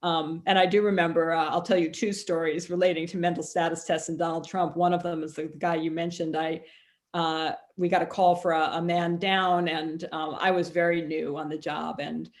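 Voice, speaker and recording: A woman's voice: low-pitched, little pitch movement, normal speed. A middle-aged woman author speaking as a guest on a video call, telling stories in a chatty way with many ums and restarts. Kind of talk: conversational storytelling.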